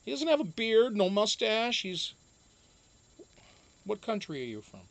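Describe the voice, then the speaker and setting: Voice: mid-range voice, sing-song, a little slow, gravelly. A livestream host chatting casually and reading viewer comments aloud, swearing freely, joking and laughing often, with frequent ums.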